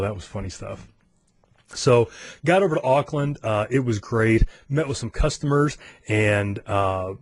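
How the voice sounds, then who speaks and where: An American man hosting a podcast, telling a travel story in a casual way, acting out the quoted voices of others and laughing often. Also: fairly low pitch. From United States. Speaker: podcast host.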